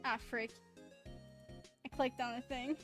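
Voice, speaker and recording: High-voiced woman streamer, giggly and loud, casual game commentary. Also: steady tone, a little slow, soft background music.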